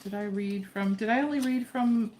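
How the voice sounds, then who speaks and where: A woman's voice: mid-range voice, normal speed, darkish tone, a little hiss or hum. Chatty woman doing a tarot reading. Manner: chatty, distracted, coaxing her dog. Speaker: tarot reader. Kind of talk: casual spoken tarot reading.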